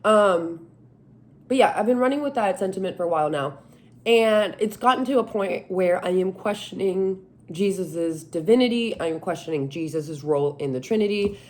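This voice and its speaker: Brief: woman, casual venting monologue, animated, exasperated, mid pitch. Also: normal speed. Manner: exasperated, animated, self-mocking. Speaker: vlogger.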